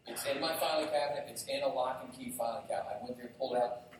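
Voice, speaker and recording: A man preaching a sermon as pastor, telling stories with lively energy and asking the congregation questions directly. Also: medium pitch, fast talker, slight background noise. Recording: very echoey hall, distant mic.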